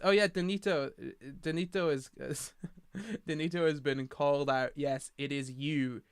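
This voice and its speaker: Young male streamer from the UK, tired and rambling, with a slightly high voice and a dry, close sound. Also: fairly even intonation, measured pace, smooth, dry recording. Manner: rambling, self-mocking, reading chat aloud. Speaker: livestream host. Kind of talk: casual livestream chat.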